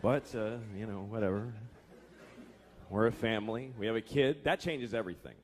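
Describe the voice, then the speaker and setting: A man in his thirties doing a profane stand-up comedy set, slipping into acted voices. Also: normal speed. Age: 30s. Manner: profane, shifts into acted voices, deep groaning mimicry. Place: comedy club stage. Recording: live club with crowd laughter and noise.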